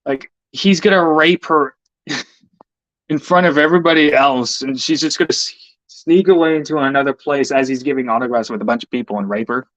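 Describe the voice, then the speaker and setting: A man's voice: medium pitch, normal speed, a bit bright, dry recording. A man in a casual, heated rant, swearing often and stammering over repeated words. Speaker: vlogger. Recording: dull lo-fi dry recording.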